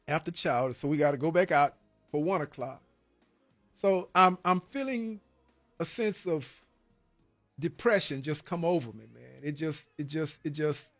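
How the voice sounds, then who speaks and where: A man's voice: fairly high pitch, no echo. A man giving an earnest, emphatic personal faith testimony about his time in prison, often tagging phrases with "man" and repeating words as he gets stirred. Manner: repeats words when stirred, preacher-like cadence.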